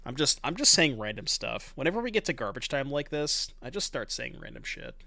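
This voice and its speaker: A man's voice: medium pitch, sing-song, a little fast, sharp tone, no room sound. A man giving casual commentary on his online card game, thinking aloud in a chatty, self-mocking way and swearing now and then.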